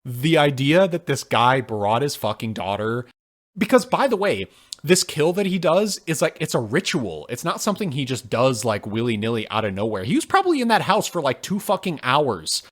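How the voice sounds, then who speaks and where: A man co-hosting a podcast, chatting casually and ranting with swearing and sudden jumps in pitch. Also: moderate pace. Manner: animated, profane ranting with big pitch jumps. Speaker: podcast co-host. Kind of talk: casual podcast review chat.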